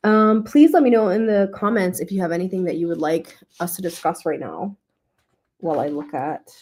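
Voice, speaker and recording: A young woman hosting a book club, talking casually and emotionally about a novel, with many fillers and pauses to think. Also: fairly low pitch, a little mellow. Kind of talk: casual book review livestream.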